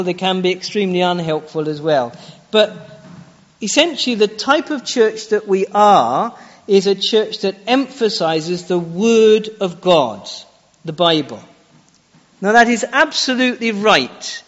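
A man's voice: high-pitched, a bit bright. A man preaching a sermon in a church, challenging his listeners with direct questions. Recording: dull lo-fi recording with long church reverb.

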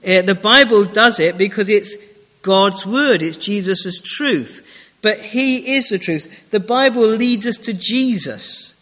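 A man with a high voice preaches a sermon in a church, putting direct, challenging questions to his listeners. His words ring out with a long reverb. The recording is dull and lo-fi. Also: slow pace, a bit bright.

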